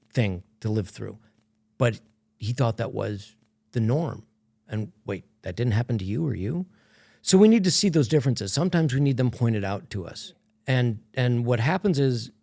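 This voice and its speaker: A man speaking as a coach in a podcast interview, calm and explanatory. His voice sits in a middle register, and he often drops it softly as he makes his points. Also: mid-range voice, creaky. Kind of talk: reflective coaching talk.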